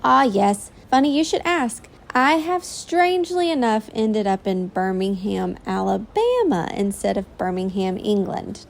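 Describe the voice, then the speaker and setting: A woman's voice: medium pitch, big pitch swings, a little slow, gravelly, few pauses. A woman playing a polite, earnest AI assistant who reports from the field.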